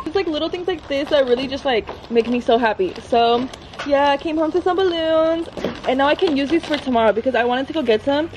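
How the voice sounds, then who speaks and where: A woman's voice: high-pitched, fairly quick, noisy background. A woman in her twenties chatting casually at home in a vlog, full of "like" fillers. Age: 20s. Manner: talking softly so as not to wake someone. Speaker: vlogger.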